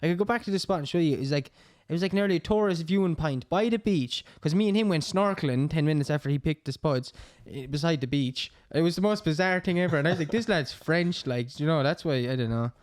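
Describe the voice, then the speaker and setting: Rambling Irish man with a smooth voice. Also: a little high, fast, few pauses, darkish tone, dry recording, clean studio sound. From Ireland. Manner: rambling storyteller, laughs often. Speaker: co-host. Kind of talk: casual pub chat.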